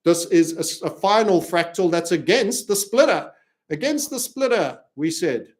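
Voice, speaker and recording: A man from Africa hosts a crypto chart analysis video in a fairly high voice. He rambles from point to point and cracks jokes. He also plugs his own community along the way. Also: lively intonation, normal speed. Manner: rambling, jokey, self-promoting. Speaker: crypto trading analyst and channel host.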